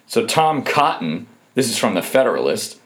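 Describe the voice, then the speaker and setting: A man's voice: fairly low pitch, very animated, normal speed, a bit bright. A man delivering an emphatic, scornful opinion monologue as a political commentator, reading out quotes and cutting in with remarks.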